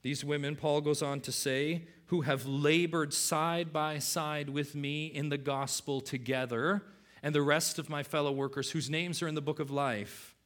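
A middle-aged man preaching a sermon as pastor, dropping low and quiet, then rising loud for emphasis. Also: fairly even intonation, unhurried.

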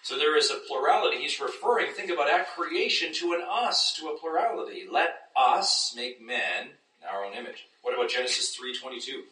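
A man's voice: fairly high pitch, expressive, fairly quick, hardly any pauses, pushed and bright. A man teaching a Bible class, engaging his listeners and often checking that they follow. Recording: echoey room, distant mic, faint noise.

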